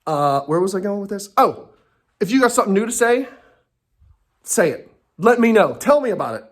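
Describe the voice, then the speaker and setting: A man's voice: high-pitched, sing-song, moderate pace. A man delivering an angry, profane and sarcastic comedy rant from home, talking to himself and breaking off mid-thought. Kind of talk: ranting comedy monologue.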